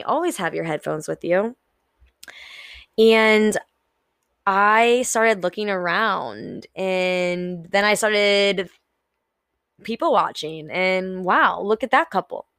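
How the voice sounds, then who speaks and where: A woman's voice: medium pitch, a bit bright, dry recording, clean studio sound. A young woman hosting a solo motivational podcast. She talks candidly, swears freely and acts out her own inner thoughts. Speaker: podcast host.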